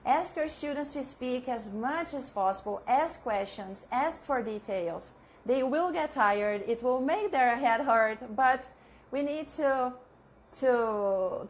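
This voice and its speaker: A woman teaching a live online English lesson, chatting with viewers and repeating example sentences slowly, with frequent laughs. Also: fairly high pitch, a little hiss or hum. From Brazil.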